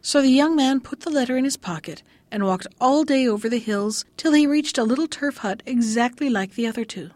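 A woman's voice: brisk, hardly any pauses, a little mellow, no room sound. A woman reading an old fairy tale aloud, lifting her voice for the quoted lines. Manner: lifts pitch for quoted lines. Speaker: storyteller.

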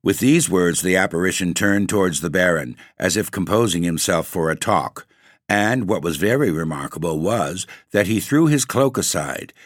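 A man narrating a classic ghost story in a theatrical, measured reading. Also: sits low, lively intonation, no room sound, clean studio sound.

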